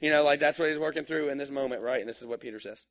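A man's voice: medium pitch, very fast. Casual, joking male preacher. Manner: casual, joking storytelling with acted-out asides. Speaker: pastor. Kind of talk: sermon.

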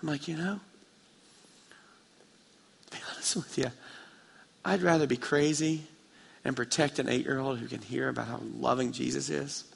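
A man preaching a sermon with passion, moving between quiet, intimate passages and loud, fervent ones as he tells a story. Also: medium pitch, gravelly, slightly rough. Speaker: pastor. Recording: reverberant hall.

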